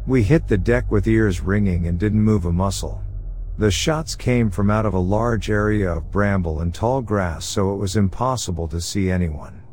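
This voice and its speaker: Low-voiced man reading horror stories. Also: darkish tone. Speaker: podcast narrator.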